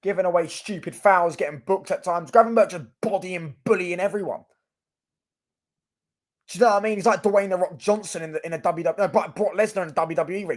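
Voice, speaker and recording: Ranting football fan vlogger. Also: male voice, sits high, a little fast. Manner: ranting, repetitive, swears freely. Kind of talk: casual ranting commentary.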